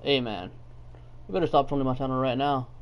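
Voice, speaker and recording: A man's voice: mid-range voice, brisk. A young man from Texas live-streaming a game, chatting casually and joking while reading viewer messages aloud. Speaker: gaming streamer.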